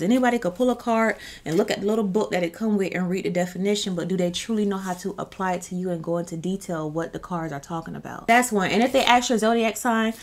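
A woman giving casual, chatty commentary on her channel, full of sassy asides. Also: mid-range voice. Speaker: YouTube commentator.

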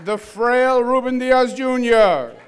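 A man in his fifties with a New York Queens accent addresses a banquet hall crowd, taking his time over each phrase. His pitch sits fairly high and his voice is smooth and resonant. He slips in dry jokes between formal thanks. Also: lively intonation. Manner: joking, measured delivery. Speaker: governor giving a speech. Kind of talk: public address at a dinner.

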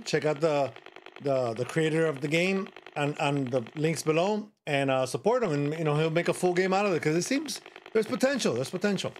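A man's voice: fairly high pitch, a little hiss or hum, rough recording. A man playing a horror game and reacting aloud as a streamer, exclaiming and chatting as he goes. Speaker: gameplay streamer. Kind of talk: let's play commentary. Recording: loud game music behind.

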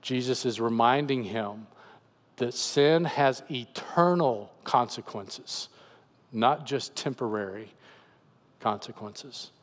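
Male pastor giving a sermon, earnest and chatty, mid-pitched voice, long church echo. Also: slow. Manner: earnest, paraphrases scripture in a conversational voice. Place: church sanctuary.

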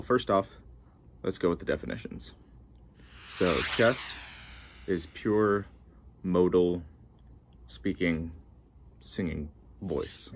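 A man giving a casual vocal lesson, chatty and relaxed with frequent ums, and a gravelly voice that drops into vocal fry. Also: sits low. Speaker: vocal coach.

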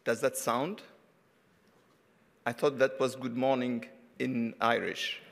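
A man's voice: medium pitch, steady tone, slow pace, creaky, a bit bright. A man from Tunisia moderating an academic panel, hesitant, with many fillers and restarts. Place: conference hall. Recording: reverberant conference hall.

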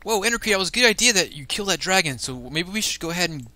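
Guy doing excited minecraft let's-play commentary, super bright voice that jumps all over, squeals when stuff startles him. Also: high voice, racing, dry recording. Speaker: gaming channel host.

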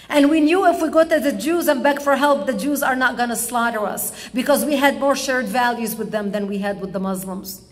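A woman from Lebanon giving an impassioned public speech, telling stories slowly with emphatic pauses. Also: on the high side, in a large hall. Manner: dramatic storytelling, slow emphatic pauses. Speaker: public speaker. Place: public event hall.

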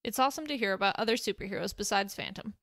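A woman's voice: medium pitch, racing, a bit bright, dry recording, studio quality, natural voice. A woman voicing an awkward, nervous young man who drives and hides a secret, apologetic and a bit too eager.

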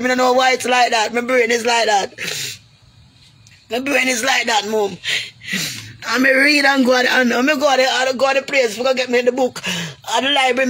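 A woman's voice: sits high, a bit bright. A woman from Jamaica with a Jamaican accent, vlogging to her viewers in an emotional, pleading monologue full of creole grammar. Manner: heavy creole grammar, pleading and preachy, calls viewers goody. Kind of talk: emotional direct-to-camera monologue.

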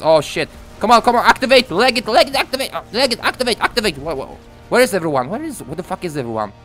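A young man commenting on his own gameplay from home, swearing a lot and ranting with excitement. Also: sits high. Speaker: gaming commentator. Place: room at home.

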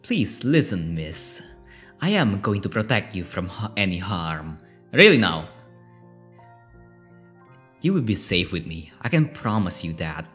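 A man voicing a gentle, motherly young woman in a game, speaking in a soft, low, reassuring elder-sister manner. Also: very animated, a little slow, pauses often, soft background music, exaggerated voice.

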